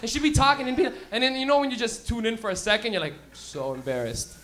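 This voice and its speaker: A man doing a stand-up set at a live comedy club. He is loud and profane and laughs at his own stories. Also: extremely high pitch, rapid-fire.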